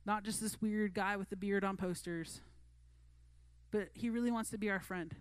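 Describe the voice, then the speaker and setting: A woman's voice: medium pitch, steady tone, moderate pace, clean tone, no echo. A woman preaching a sermon to a youth group in an earnest, conversational way. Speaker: youth pastor.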